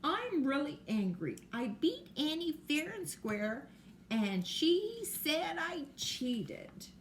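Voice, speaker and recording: Brief: upset tantrum-prone little girl, voiced by a woman, very high and dragged out, whiny. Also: very animated, fairly bright tone, slight background noise, full character voice. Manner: whiny, drawn-out childish pleading.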